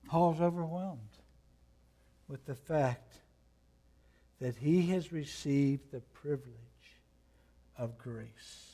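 A man preaching a sermon as pastor, swinging from hushed near-whispers to loud emphatic passages, reading scripture slowly and deliberately. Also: mid-range voice.

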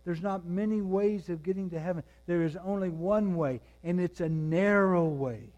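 A man preaching a sermon, moving between quiet, intense passages and raised, emphatic ones. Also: high voice, normal speed, dull audio. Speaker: pastor.

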